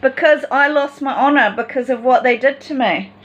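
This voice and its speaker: A woman's voice: sits high, moderate pace, a bit bright, highs cut off. A woman in a personal vlog monologue, talking in an agitated, rambling and distressed way.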